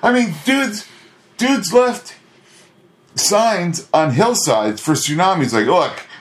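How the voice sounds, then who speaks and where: A man co-hosting a podcast in casual chat, animated and laughing often, slipping into put-on voices to quote characters. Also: high voice, slow pace. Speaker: podcast co-host.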